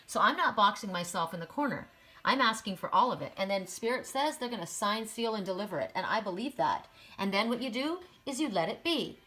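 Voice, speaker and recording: A woman's voice: a little high, lively intonation, a little fast, sharp tone. Give me a middle-aged woman giving a casual, chatty oracle card reading. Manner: chatty, repeats words, often adds "right?".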